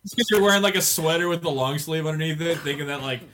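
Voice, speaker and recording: A man's voice: fairly high pitch, fast, noisy background. Joking man on a podcast. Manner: loose, joking, puts on silly voices for people in his stories. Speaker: podcast co-host. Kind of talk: casual comedic chat.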